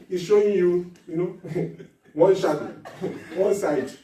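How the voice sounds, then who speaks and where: A man giving a lively marriage seminar talk, laughing often and acting out little dialogues as he teaches. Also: sits high, drawn-out words. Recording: echoey hall recording from far off.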